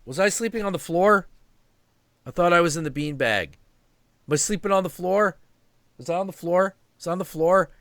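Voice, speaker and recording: A man voicing a clingy, affectionate young male kitten that talks in an eager, pleading, high sing-song way. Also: moderate pace, pauses often, a bit bright, dry recording, studio quality. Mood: confused.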